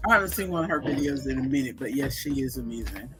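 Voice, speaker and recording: A man co-hosting a casual livestream, playful and teasing, with a raspy voice. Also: medium pitch, expressive, quick pace, pushed and bright, soft background music. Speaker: livestream co-host. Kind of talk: casual chat.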